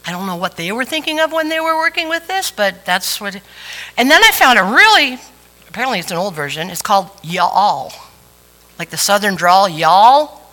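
A woman's voice: mid-range voice, sing-song, quick pace, pushed and bright, poor audio. A woman preacher giving a chatty, playful sermon with asides to the congregation. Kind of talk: conversational sermon.

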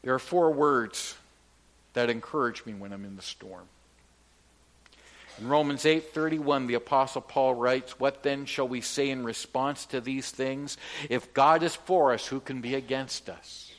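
A man's voice: medium pitch, a little slow, fairly bright tone. A man delivering a sermon as pastor, from Canada, emphatic and leading the congregation in call-and-response.

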